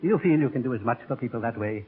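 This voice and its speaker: An actor playing an anxious family doctor who pleads urgently, in a 1930s radio drama. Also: male voice, medium pitch, animated, quick pace, breathy edge. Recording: tinny old radio broadcast.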